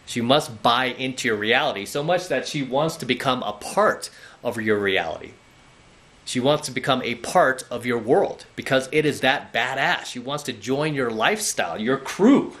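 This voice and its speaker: A male dating coach delivers a blunt, lecturing monologue straight to the camera. His voice is bright and forceful, and he keeps punctuating his points with "okay?" and "right?". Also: medium pitch.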